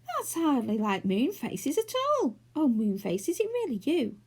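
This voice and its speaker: A woman's voice: high-pitched, a little slow, pitched above the performer's own voice, exaggerated voice. A woman voicing a fretful little girl who has turned into a doll in a storybook. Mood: excited. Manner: excited, fretful.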